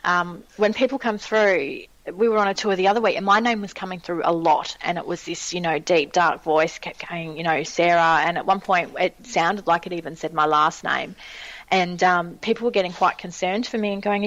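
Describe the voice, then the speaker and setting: Lower-voiced woman on a dull line. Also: steady tone, a little fast, a bit bright, dry recording. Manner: rambling, filled with ums and "you know". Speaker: guest paranormal investigator. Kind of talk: casual interview chat.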